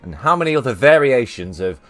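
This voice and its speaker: A man with a Mancunian accent hosting a casual live-stream chat, jokey and quick to laugh. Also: mid-range voice, big pitch swings. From Manchester, England. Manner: jokey, chatty, laughs easily. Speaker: streamer host. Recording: faint music underneath.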